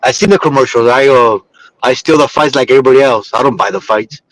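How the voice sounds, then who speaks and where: A man's voice: mid-range voice, fast talker, fairly bright tone, poor audio. A man hosting a casual boxing talk stream, teasing his guests and rambling, with some swearing.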